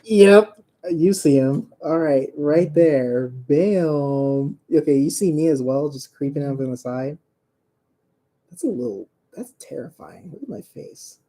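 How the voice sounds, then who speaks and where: Young guy rambling on a stream, slow and mellow, jokey, laughs a lot. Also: fairly high pitch. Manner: rambling, joking, laughs often, gets worked up and shouts. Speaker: comic creator streaming. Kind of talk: casual livestream chat.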